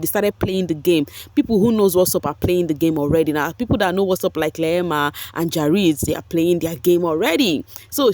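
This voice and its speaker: A woman giving animated gossip commentary on a reality show to her viewers. She laughs often and drops pidgin exclamations. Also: fairly low pitch, no room sound.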